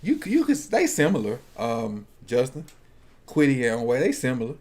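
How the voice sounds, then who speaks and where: A man chats loosely with friends while watching a football draft, joking and working through picks out loud. He often restarts and trails off mid-sentence as he thinks. His voice sits at an ordinary middle pitch for a man. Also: wildly swooping pitch, fairly quick. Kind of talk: casual chat.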